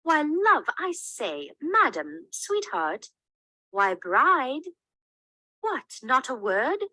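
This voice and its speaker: A man's voice: very high voice, big pitch swings, very slow, pushed and bright, no room sound, pitched above the performer's own voice, exaggerated voice, rough recording. A man voicing an old female nurse in a play reading, who teases and then wails in grief. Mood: teasing. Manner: teasing, then wailing in alarm.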